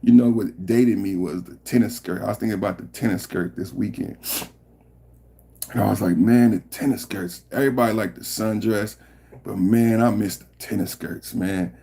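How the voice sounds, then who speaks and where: A man hosting a casual podcast livestream, reading the chat aloud, joking and rambling and laughing often, sometimes muttering low and sometimes getting loud. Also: steady tone, moderate pace, gravelly, slightly rough.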